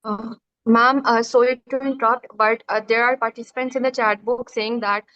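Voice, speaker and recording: A woman's voice: on the high side, fairly even intonation, moderate pace, a bit bright, no room sound. A woman moderating an online webinar, speaking politely and hesitantly with fillers. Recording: dull lo-fi video call audio.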